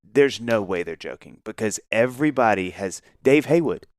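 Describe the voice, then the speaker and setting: A man co-hosting a podcast, telling a long story in an animated way, acting out the voices of the people in it and laughing often. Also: fairly low pitch, moderate pace, no room sound, studio quality. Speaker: podcast co-host. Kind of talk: casual storytelling chat.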